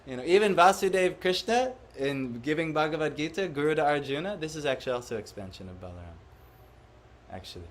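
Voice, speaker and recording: A man's voice: a little high, expressive, brisk, slight background noise. A man giving a devotional class to a live audience, often questioning the listeners and acting out the voices he quotes. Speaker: spiritual teacher.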